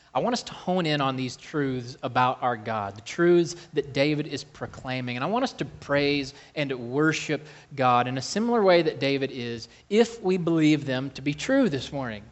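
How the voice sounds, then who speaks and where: A man preaching a sermon, slow and emphatic, calling to the congregation for amens. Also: mid-range voice, expressive. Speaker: pastor.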